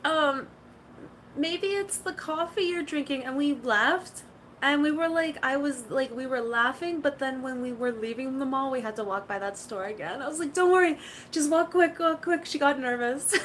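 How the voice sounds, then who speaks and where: A woman's voice: high-pitched, normal speed, a bit bright, a little hiss or hum, rough recording. A woman chatting casually to her stream viewers, rambling through stories with lots of "like". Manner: rambling storytelling, full of "like". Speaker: live streamer.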